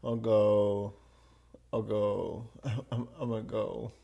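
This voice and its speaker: A young man co-hosting a casual podcast chat, hesitant and slow to answer, with lots of ums. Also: lowish voice, fairly even intonation, creaky, lo-fi sound. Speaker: podcast co-host.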